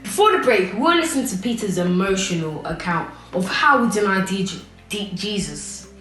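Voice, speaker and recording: An actress playing a talk show host in a stage play, with a bright announcer delivery. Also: female voice, medium pitch, animated, normal speed, distant mic, natural voice. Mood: upbeat. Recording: echoey room with faint music.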